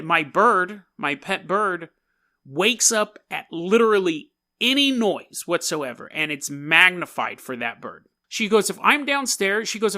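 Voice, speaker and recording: Podcast host, male, bright and higher-pitched, animated storyteller. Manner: animated, conversational, quotes friends in his own voice. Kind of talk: personal storytelling.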